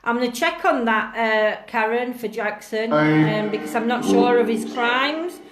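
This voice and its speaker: A woman's voice: on the high side, animated, a little slow. A woman on a live-streamed ghost hunt, calling out to spirits and reading out viewer comments. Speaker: paranormal investigator. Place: echoey old jail building. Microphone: phone livestream. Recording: echoey room, faint music.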